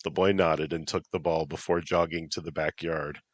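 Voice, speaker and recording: A man narrating a fantasy story in a steady, matter-of-fact reading. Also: very deep voice, moderate pace, dry recording. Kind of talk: audiobook narration.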